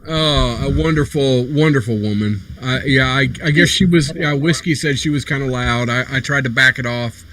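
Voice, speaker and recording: A man's voice: mid-range voice, normal speed, few pauses, fairly bright tone, low-quality recording. A man hosting a casual podcast, rambling and easygoing with lots of fillers. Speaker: host.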